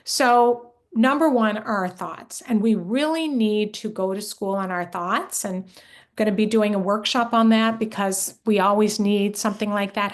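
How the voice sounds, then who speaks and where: A middle-aged woman leading a workshop for moms, speaking in an earnest, encouraging way and putting questions straight to her listeners. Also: mid-range voice. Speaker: workshop leader and coach for moms. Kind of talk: live online workshop talk.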